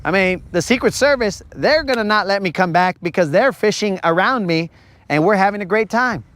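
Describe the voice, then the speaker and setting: High-voiced man joking on a fishing boat. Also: animated, brisk, fairly bright tone. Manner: playful, acts out imagined dialogue in put-on voices. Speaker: podcast host. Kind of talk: casual joking monologue.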